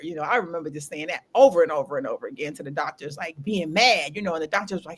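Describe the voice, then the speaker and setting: A woman hosting a candid podcast conversation, telling her story in an animated, laughing way with casual slang. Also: low voice, racing, hardly any pauses, breathy edge. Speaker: podcast host.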